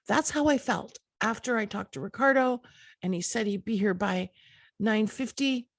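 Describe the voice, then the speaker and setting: A woman's voice: on the high side, moderate pace, no echo. A middle-aged woman hosting a motivational podcast, talking earnestly and encouragingly straight to the listener. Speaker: podcast host.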